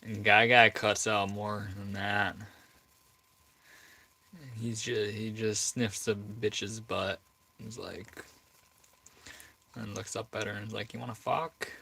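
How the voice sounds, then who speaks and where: Man, livestreamer, casual rambling chat, joking, talks to his dog, gravelly voice, slow drawl. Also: on the low side, level tone, pushed and bright, poor audio.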